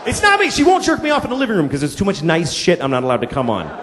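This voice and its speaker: A man's voice: high-pitched, huge pitch swings, racing, noisy background. A man in his forties performing a stand-up set, telling crude, exasperated stories and slipping into put-on voices. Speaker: stand-up comedian. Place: large theater stage before a laughing crowd. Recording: live hall recording with crowd laughter and reverb.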